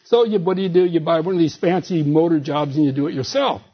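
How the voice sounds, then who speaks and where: An older man with a husky, slightly raised voice lectures in a folksy, wry storytelling way. The recording is dull and lo-fi. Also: a little high, fast talker. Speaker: speaker and author. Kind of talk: lecture with anecdotes.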